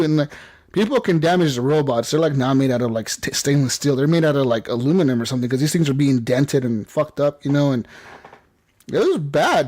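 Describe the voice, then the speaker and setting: A man hosting a casual gaming podcast, recounting a game story in a loose, excited ramble. His voice sits a little high for a man, and he keeps stringing thoughts together with "like" and "you know". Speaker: podcast host.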